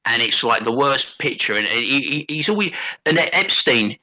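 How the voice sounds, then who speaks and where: A man's voice: medium pitch, lively intonation, normal speed, bright, forceful tone, rough recording. A man with a British accent, chatting on a podcast as co-host and telling blunt, sweary, gossipy stories. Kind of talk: casual chat.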